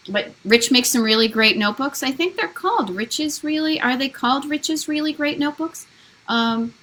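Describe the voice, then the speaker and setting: A woman's voice: mid-range voice, sharp tone, rough recording. A woman chatting casually from her living room during a live video, rambling with lots of fillers and restarts. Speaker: vlogger hosting a live Q&A. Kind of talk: casual live-stream chat.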